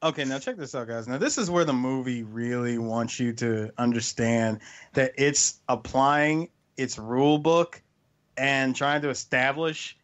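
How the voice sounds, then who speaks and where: A man's voice: mid-range voice, a little slow. A man co-hosting a casual movie chat, explaining plot and rambling with lots of "like". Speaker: podcast co-host. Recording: dull lo-fi mic.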